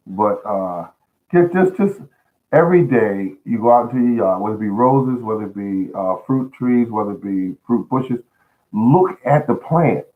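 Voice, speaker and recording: A man with a fairly low voice talks through gardening advice in a folksy, earnest manner. He repeats words and restarts his sentences as he goes. The sound is thin and tinny, like a phone line. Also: animated, moderate pace. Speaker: host of a home gardening show. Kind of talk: casual spoken gardening advice.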